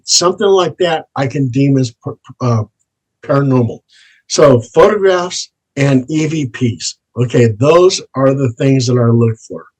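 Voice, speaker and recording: Slow, husky man telling ghost-hunt stories. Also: medium pitch, a little mellow, low-quality recording. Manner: slow, plain anecdotal telling, repeats set phrases. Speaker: paranormal investigator. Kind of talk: interview storytelling.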